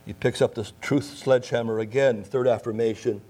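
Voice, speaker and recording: A man's voice: medium pitch, fairly even intonation, brisk, warm tone. A man preaching a sermon, emphatic, repeating key phrases and asking rhetorical questions. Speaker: pastor.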